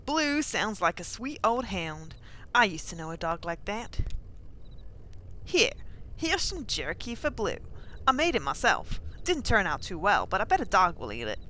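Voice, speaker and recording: A woman voicing a weary older male gas station attendant in a put-on rural truck stop accent, reading game dialogue aloud in a folksy, unhurried way. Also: medium pitch, very animated, sharp tone, a little hiss or hum.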